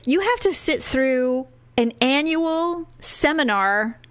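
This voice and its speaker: A middle-aged woman co-hosting a podcast, telling a story in casual chat, laughing often and swinging her pitch wildly when she quotes people. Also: lively intonation, slow, no room sound. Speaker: podcast co-host.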